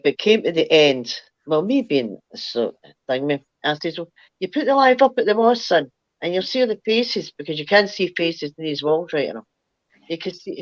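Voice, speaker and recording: A woman's voice: low voice, no room sound, highs cut off. An older woman, telling a rambling, chatty ghost story as a guest. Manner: rambling, chatty, laughs through her story. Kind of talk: casual storytelling.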